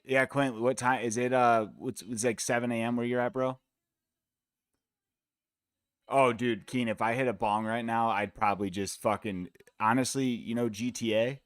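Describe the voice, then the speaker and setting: A man's voice: mid-range voice, fairly even intonation, moderate pace, hardly any pauses, clean tone, no echo, clean studio sound. A man from the United States hosting a live fight watch-along stream, talking in a laid-back, rambling, profane way. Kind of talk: casual chat.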